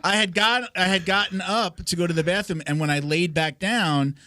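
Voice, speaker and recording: A man in his forties, a podcast host and coach, talking in a relaxed, rambling and self-deprecating way. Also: high voice, moderate pace, dry recording, studio quality. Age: 40s. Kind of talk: casual podcast conversation.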